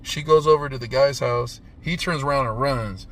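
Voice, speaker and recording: A man in his thirties giving a casual, profane movie review, punctuating the retelling with "boom" sound effects and "right?" after nearly every line. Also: normal speed. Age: 30s. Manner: animated, profane, says "right?" constantly.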